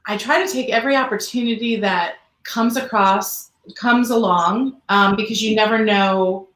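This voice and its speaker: A woman guest chatting casually, humble and loose with fillers. Her voice has an ordinary middle pitch. The room around her rings with echo. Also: a bit bright. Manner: chatty, self-deprecating, many fillers. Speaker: guest singer. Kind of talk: casual interview chat. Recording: echoey room.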